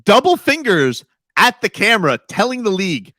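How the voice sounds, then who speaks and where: A man co-hosting a sports radio show, chatting and arguing about games in an animated, incredulous way. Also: high voice, dry recording. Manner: animated, incredulous, quick to quote and mimic. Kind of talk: casual sports radio banter.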